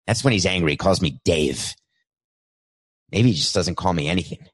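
A man's voice: deep voice, lively intonation, moderate pace, pauses often. A man hosting his own podcast, talking solo in a worked-up, emphatic way and stretching words for emphasis. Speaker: podcast host. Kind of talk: energetic solo podcast monologue.

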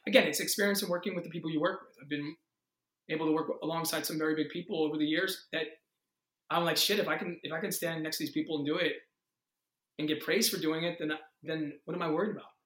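A man in his thirties, an actor, telling a story in a casual interview with excited energy, acting out quotes and swearing freely. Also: a little high, fast talker, roomy sound. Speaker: actor guest.

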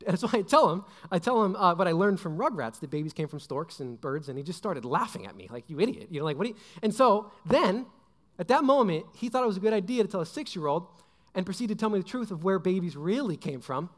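A man's voice: sits high, lively intonation, fast talker. A young man preaching a casual, joking sermon, rambling with fillers and asides. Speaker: pastor. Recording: long hall reverb.

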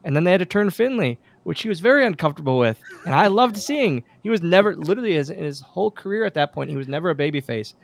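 A man, a former pro wrestler, telling backstage stories as a guest in a casual interview, lively and full of acted-out quotes. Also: a little high, fast, creaky, few pauses. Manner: animated anecdotes, acts out quoted dialogue, many restarts. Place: podcast studio.

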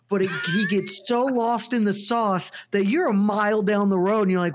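A man on a sports podcast panel, chatting casually and rambling through long, animated tangents, with some swearing. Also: high-pitched, brisk, hardly any pauses. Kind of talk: casual chat.

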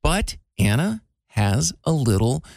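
A man's voice: medium pitch, big pitch swings, slow, gravelly, darkish tone, no room sound. A man co-hosting a radio show, joking and teasing his co-host in casual banter. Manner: playful, teasing.

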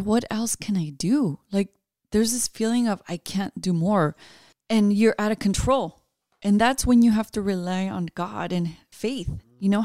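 A woman's voice: medium pitch, a little mellow, dry recording, studio quality. Affectionate woman in her 30s, casual chat, no room sound. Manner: affectionate, switches into Spanish. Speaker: co-host.

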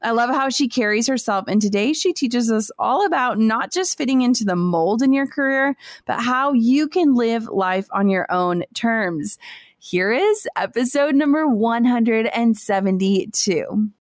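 A woman's voice: a little high, animated, measured pace, no room sound, studio quality. Earnest woman hosting a podcast. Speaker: podcast host. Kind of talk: scripted narration introducing clips.

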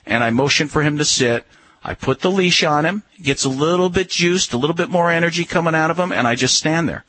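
A man's voice: a little high, a little fast, a bit bright, rough recording. A man on a call-in radio show giving dog-training advice in a firm, instructive way, often repeating key words.

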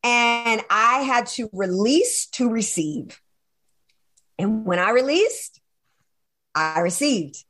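Animated woman with a higher voice. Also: slow pace, long pauses. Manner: animated and emphatic, acts out quoted dialogue, many fillers and asides to the listener. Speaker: interview guest, speaker and coach. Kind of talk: personal story told in conversation.

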